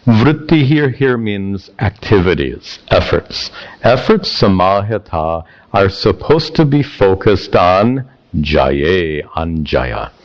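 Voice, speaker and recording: A man teaching a scripture class, animated and playful, acting out the lines of the text. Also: low-pitched, slow pace. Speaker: spiritual teacher. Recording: dull lo-fi recording.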